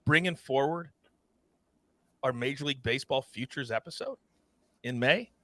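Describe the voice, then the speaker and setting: A man hosting a sports betting show, animated and theatrical, swinging his voice up and down for emphasis. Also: moderate pace. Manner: animated and theatrical, big swings in pitch and volume. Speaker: host.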